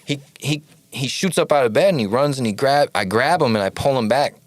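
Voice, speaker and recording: A man telling a story as a podcast guest, animated and full of casual "like"s, acting out the lines he quotes. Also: medium pitch, fairly quick, dry recording. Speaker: podcast guest, studio owner.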